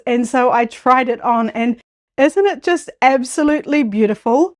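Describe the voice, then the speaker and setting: A woman talks straight to her viewers in a casual, chatty way. Her voice sits slightly high, and she gets excited as she tells a funny story. She acts out what other people said in lively voices. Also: moderate pace. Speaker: quilting vlogger. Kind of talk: casual chat to camera.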